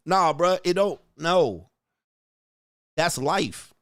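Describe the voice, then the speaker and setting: This casual reaction commentary comes from a man with a mid-range voice at normal speed, faint music playing behind him in a clean, echo-free studio recording. He's blunt and profane, animatedly acting out the lines of people in a viral video.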